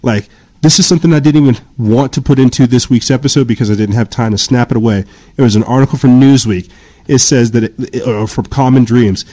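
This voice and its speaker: A man's voice: mid-range voice, warm tone. A man hosting a podcast, reading an article aloud and ranting agitatedly, stumbling over repeated words and breaking off to apologize. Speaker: podcast host. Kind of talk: heated commentary reading an article.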